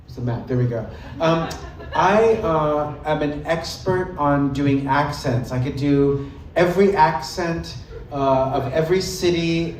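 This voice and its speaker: A man doing a live stand-up set, talking in a hesitant, halting way full of ums, sometimes slipping into quick mock accents. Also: fairly high pitch, darkish tone, a little hiss or hum. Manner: jumps into brief mock regional accents. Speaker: stand-up comedian. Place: live club stage. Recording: roomy club audio from far off. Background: audience laughter.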